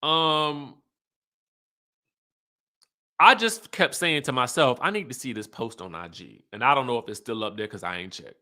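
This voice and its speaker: A man hosting an online show, recapping in animated, chatty talk with emphatic asides. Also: mid-range voice, normal speed, long pauses. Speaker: YouTube host recapping reality TV. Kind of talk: casual chat.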